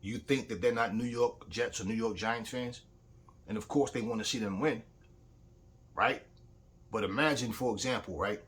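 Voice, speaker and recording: A man's voice: lowish voice, normal speed, pauses often, a bit bright. A man talking in a casual opinion vlog as a boxing commentator, telling stories bluntly and heatedly, with frequent swearing.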